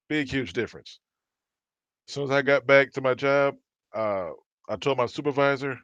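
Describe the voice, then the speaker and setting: A man casually telling work stories on a podcast, acting out the people he quotes with lively voices. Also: mid-range voice, moderate pace, pauses often, dry recording. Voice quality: animated, acts out quoted dialogue. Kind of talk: casual storytelling chat. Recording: dry, dull lo-fi sound.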